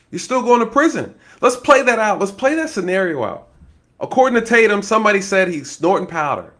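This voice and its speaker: A man with a somewhat high voice gives casual true-crime commentary, animated and speculative. He laughs often and keeps turning to his viewers. He plays out scenarios as he goes. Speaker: online commentator, former law enforcement.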